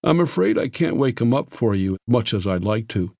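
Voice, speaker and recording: A man's voice: medium pitch, expressive, normal speed, vocal fry, a little mellow, dry recording, studio quality. A male narrator voicing a polite, stolid young soldier who apologetically refuses. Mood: apologetic.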